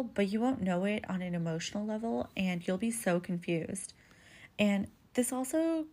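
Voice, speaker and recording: A woman's voice: on the low side, vocal fry, a little mellow. A woman hosting a podcast, giving relationship advice in a candid, casual monologue that is full of swearing and "like" fillers. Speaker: podcast host.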